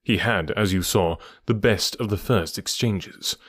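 A man reading the part of a calm, cool-headed middle-aged detective in an audiobook, speaking in a measured, dryly assured, hushed way. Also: on the low side, no echo, clean studio sound. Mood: reasoning calmly.

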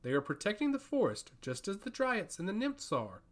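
Male reader doing a menacing fantasy priestess: calm, cold, commanding. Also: high voice. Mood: stern. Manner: cold, measured, sternly threatening. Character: haughty woman, a forest priestess, calm and menacing. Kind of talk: audiobook fantasy reading.

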